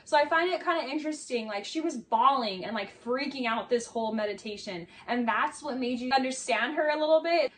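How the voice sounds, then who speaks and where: A woman's voice: high-pitched, a little fast, hardly any pauses, far from the mic, slight background noise. A young woman giving casual video essay commentary, sarcastic and exasperated, saying "like" a lot.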